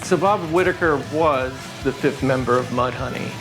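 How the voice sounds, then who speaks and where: A man's voice: mid-range voice, normal speed, music in the background. A man in a documentary interview, summarizing in a matter-of-fact way.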